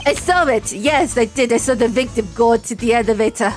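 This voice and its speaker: A woman's voice: fairly high pitch, brisk, lightly acted. A woman voicing a pompous, impatient wealthy male art dealer with a thick made-up foreign accent, over game music. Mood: haughty.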